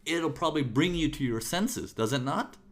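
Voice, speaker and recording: A man giving a motivational talk, energetic, with sudden jumps in volume and frequent "okay?" checks. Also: a little high, moderate pace. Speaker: motivational speaker.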